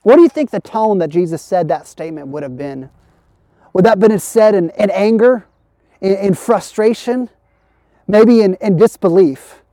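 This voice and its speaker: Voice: mid-range voice, moderate pace, dark tone, dry recording, studio quality. A pastor preaching an earnest sermon for an online service, building through repeated phrases.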